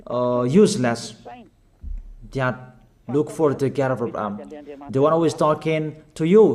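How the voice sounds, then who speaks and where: Slow, urgent preacher man, higher voice. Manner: urgent exhortations in non-native English with slips; slow, emphatic, repeats commands. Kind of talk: sermon.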